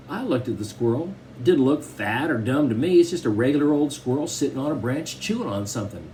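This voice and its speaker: A man narrating a children's novel in the first person, in a conversational, expressive way. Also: medium pitch, quick pace, few pauses, slight background noise, poor audio. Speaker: audiobook narrator.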